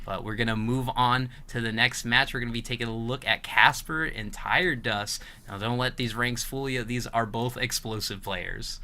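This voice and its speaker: Bright-voiced male esports commentator. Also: mid-range voice, normal speed, hardly any pauses. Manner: energetic, hype-building, jokey. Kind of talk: tournament play-by-play commentary.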